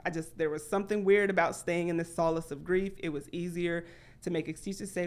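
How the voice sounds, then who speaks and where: Animated woman telling her story. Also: brisk. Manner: animated, acts out her own past thoughts with big pitch jumps. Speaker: podcast guest. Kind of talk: candid conversational storytelling.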